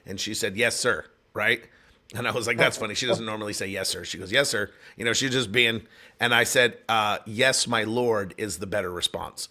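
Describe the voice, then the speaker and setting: A middle-aged man with a doctorate telling stories in a casual faith talk show chat, animated and prone to excited bursts. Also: fairly low pitch, moderate pace. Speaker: church leader with a doctorate.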